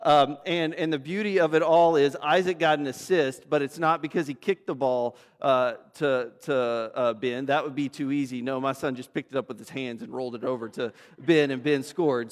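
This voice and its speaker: A man preaching a sermon to his congregation in a conversational, storytelling way, with asides to people in the room. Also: fairly high pitch. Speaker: pastor. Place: church sanctuary. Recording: long reverb of a church hall.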